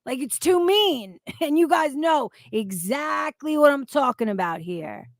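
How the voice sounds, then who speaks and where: High-voiced, indignant woman ranting. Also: lively intonation, a little slow, no echo, clean studio sound. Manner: indignant, swears heavily, bursts into shouting and laughter. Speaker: commentary YouTuber reacting to clips. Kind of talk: profane reaction commentary.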